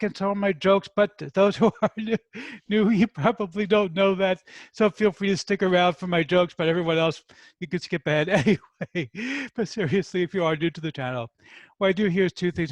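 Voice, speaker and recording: Man, review host, jokey and chatty, slightly high voice, dry close sound. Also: no echo. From New York. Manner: jokey, chatty, talks to viewers. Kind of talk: casual joking review chat.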